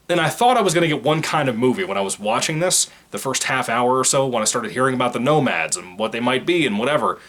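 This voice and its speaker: A man's voice: medium pitch, animated, quick pace, few pauses, a bit bright. A man giving a casual spoken movie review in a blunt, opinionated, rambling way, swearing freely.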